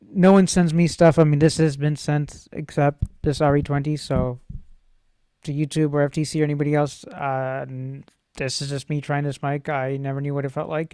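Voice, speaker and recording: A man's voice: fairly high pitch, dark tone, clean tone, no room sound. A man vlogging casually, playful and jokey, rambling to himself about gear and laughing often, close on a studio microphone.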